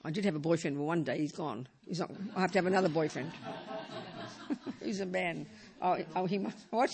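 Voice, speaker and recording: A woman teaching Buddhism to a live audience in a hall, lively and joking, repeating words for emphasis. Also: fairly low pitch, moderate pace.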